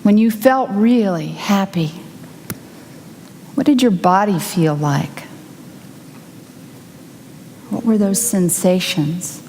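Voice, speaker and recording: Woman minister, mid-pitched, lively teasing sermon, long church-hall reverb. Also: slow, long pauses, a little hiss or hum. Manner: upbeat, teasing, guides listeners through reflection. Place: church sanctuary.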